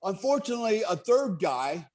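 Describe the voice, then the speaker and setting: Man, middle-aged, high pitch, blunt, profane, emphatic storyteller. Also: very animated, moderate pace, a little mellow. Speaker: guest. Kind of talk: casual storytelling on a podcast.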